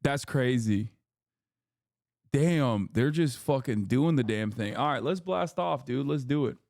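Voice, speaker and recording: A man's voice: mid-range voice, a little slow, vocal fry, no room sound, clean studio sound. A man hosting a livestream, chatting casually and ranting with a lot of profanity. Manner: profane, ranting, animated rambling. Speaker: streamer host.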